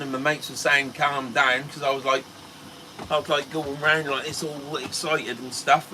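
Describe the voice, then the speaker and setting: A middle-aged man with a Norfolk English accent tells a long story in a chatty, rambling way, laughing as he goes. His voice sits a little high for a man and sounds bright and forceful. A faint hum of background noise runs under him. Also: poor audio. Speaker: fishing channel host. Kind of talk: casual storytelling on a livestream.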